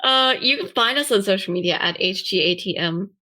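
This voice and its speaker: A woman co-hosting a podcast, joking and enthusiastic and quick to laugh. Her voice is bright and forward, and her pitch sits in the middle. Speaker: podcast co-host. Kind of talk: casual chat.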